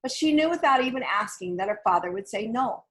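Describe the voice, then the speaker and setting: A woman reading a children's picture book aloud in a gentle, expressive storytelling manner. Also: a little high, a little fast. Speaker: storybook reader.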